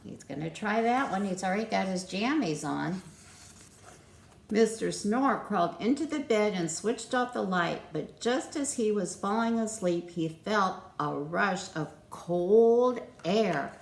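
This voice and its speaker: A woman reading a picture book aloud to children, gentle and playful, inviting them to join in. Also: mid-range voice, lively intonation, measured pace, vocal fry, reverberant.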